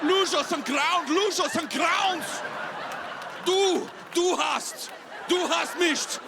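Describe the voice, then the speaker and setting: A man voicing a harsh German male announcer who barks and shouts orders. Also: very high voice, drawn-out words, vocal fry, background noise, voice pushed up, full character voice. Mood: barking.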